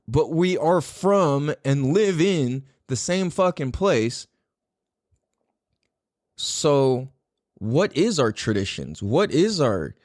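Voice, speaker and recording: Lively, animated male podcast host. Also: a little high, dry recording, clean studio sound. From United States. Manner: animated, swears freely, muses aloud. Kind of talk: casual monologue.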